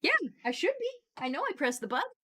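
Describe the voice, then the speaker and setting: A young woman chats on a livestream with a bright, sharp voice set a little high. She is blunt, laughs easily and swears without thinking twice. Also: big pitch swings, fast talker. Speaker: livestream host. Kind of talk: casual livestream chat.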